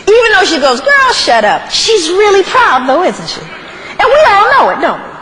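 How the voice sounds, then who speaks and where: A woman gives a live lecture to an audience, often laughing and questioning the crowd. Her very high voice swings widely, and clear noise runs under the recording. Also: very animated, normal speed.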